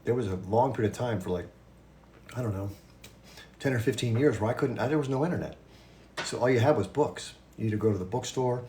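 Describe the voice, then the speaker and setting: A man in his fifties hosting a livestream and chatting casually with viewers, talking fast with restarts and quick asides. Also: lowish voice, darkish tone, slight background noise. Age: 50s. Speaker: livestream host.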